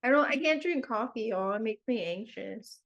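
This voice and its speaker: A woman co-hosting a podcast in casual chat, gushing and excitable, often breaking into laughter. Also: a little high, moderate pace. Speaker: podcast co-host.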